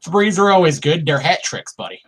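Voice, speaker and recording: A man joining an interview over a video call, quick with jokes and comebacks. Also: a little high, a bit bright, breathy edge, low-quality recording. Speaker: guest. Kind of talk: casual chat on a video call.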